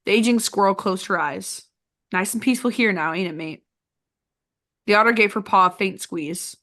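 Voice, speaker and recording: A woman's voice: medium pitch, moderate pace, fairly bright tone. A woman hosting a book podcast, reading passages aloud expressively and chatting casually with restarts and fillers. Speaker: podcast host. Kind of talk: casual book club chat.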